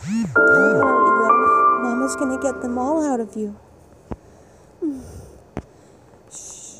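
Woman playing a cooing, doting furry cow mama. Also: high voice. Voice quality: soft, cooing and breathy. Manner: slow, soothing and affectionate, hushing often. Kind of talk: intimate adult audio role-play.

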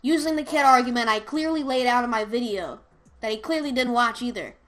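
A woman's voice: fairly high pitch, brisk, fairly bright tone. A young woman co-hosting a casual chat, reading an article aloud with brash, mocking commentary and frequent swearing. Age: teenager. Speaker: co-host.

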